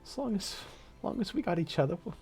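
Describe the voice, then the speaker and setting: A tender woman stumbles through her words, restarting sentences as she reaches for what to say, voiced by a game master. Her voice stays soft and close, with faint music underneath. This is a tabletop role-play voice. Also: medium pitch, lightly acted. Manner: halting, stumbling over words. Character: tender woman reunited with a loved one.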